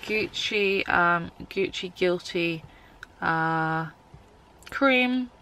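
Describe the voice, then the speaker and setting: A woman's voice: lowish voice, drawn-out words, sharp tone, a little hiss or hum. A woman vlogging from inside her car, chatting and gushing with lots of ums. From England. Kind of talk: casual car tour vlog.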